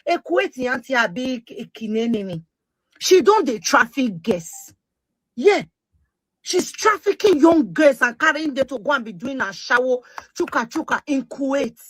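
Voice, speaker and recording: A middle-aged woman with a Nigerian Pidgin English accent delivers an impassioned monologue to her social media followers, forceful and emphatic, repeating her points. Her voice is high, husky, and expressive, a little slow, with no echo.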